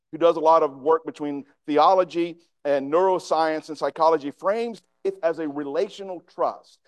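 Man, pastor, sermon, high voice, conversational, asks the room questions, dry sound. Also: no room sound.

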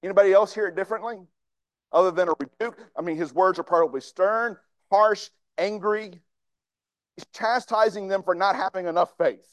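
A man's voice: high voice, normal speed, no echo. A male pastor preaching a sermon in a conversational way, putting questions to the congregation.

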